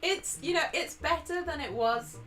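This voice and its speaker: Giggly high-voiced woman co-host. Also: normal speed, fairly bright tone. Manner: giggly, teasing. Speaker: stream co-host reading chat. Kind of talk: casual livestream chat. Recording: distant mic with faint music.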